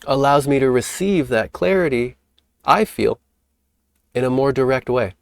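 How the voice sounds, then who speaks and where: A man hosting a spiritual teaching talk, speaking in a calm, reflective way and sometimes acting out playful examples. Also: mid-range voice, unhurried, creaky, no room sound, studio quality. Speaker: host.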